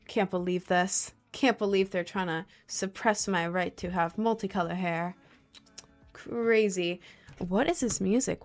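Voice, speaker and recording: A woman's voice: on the low side, fairly even intonation, a little slow, faint music behind. Joking young American woman streamer. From United States. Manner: joking, sarcastic, laughs often. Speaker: live streamer. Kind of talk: casual live-stream chat, reading chat.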